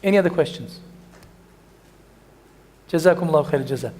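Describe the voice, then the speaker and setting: A man's voice: high-pitched, fairly quick. A man teaching a religious lesson, telling stories and closing with a supplication in Arabic phrases. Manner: storytelling with Arabic phrases and dua. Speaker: imam.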